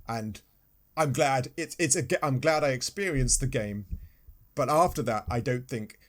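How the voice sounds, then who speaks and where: A man's voice: medium pitch, moderate pace. A man co-hosting a casual podcast chat, rambling with many restarts and agreeing emphatically. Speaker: podcast co-host.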